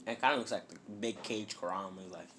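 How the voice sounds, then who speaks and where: A man's voice: fairly low pitch, fast talker, a bit bright, a little hiss or hum. A man casually telling a made-up fan story, rambling and filling it with "kinda" and "like".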